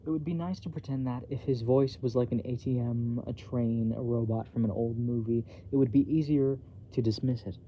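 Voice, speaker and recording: A man's voice: medium pitch, steady tone, moderate pace, few pauses, a little hiss or hum. A man reading his own novel aloud as a bedtime story, plainly and a little self-consciously, with small slips, in a dull home recording.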